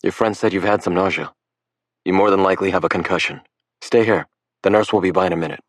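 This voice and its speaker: A man's voice: low voice, fairly even intonation, quick pace, no echo, studio quality. A man voicing a matter-of-fact paramedic giving instructions. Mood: instructive.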